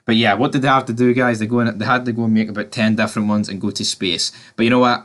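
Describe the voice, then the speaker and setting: A man giving a casual, rambling film review, talking straight to his viewers and swearing now and then. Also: fairly low pitch. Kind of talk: casual movie review vlog.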